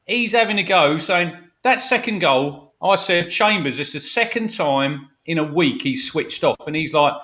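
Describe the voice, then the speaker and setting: A man's voice: high voice, expressive, normal speed, few pauses, bright, forceful tone. A man on a fan show ranting angrily about his football club, sweary and emphatic, over a video call. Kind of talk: heated football fan rant.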